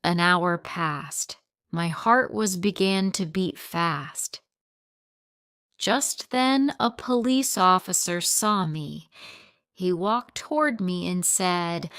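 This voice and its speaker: Slow, clear woman reading a simple story. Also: lowish voice, a bit bright, dry recording, clean studio sound. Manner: very simple, short sentences, read slowly. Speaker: storyteller for English learners. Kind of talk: first-person scripted narration for learners.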